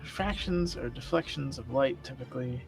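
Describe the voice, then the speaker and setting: A man's voice: medium pitch, moderate pace, gravelly, over music. A man playing in a tabletop game, joking and rambling with hesitant fillers. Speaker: player. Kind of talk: casual tabletop play.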